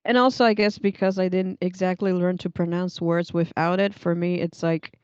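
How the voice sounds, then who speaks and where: A young woman streamer chatting at her desk, rambling and laughing as she reads chat. Her voice is smooth and mellow, close and dry, with slightly dull, muffled stream audio. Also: lowish voice, level tone, normal speed, no echo. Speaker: livestream host reading chat.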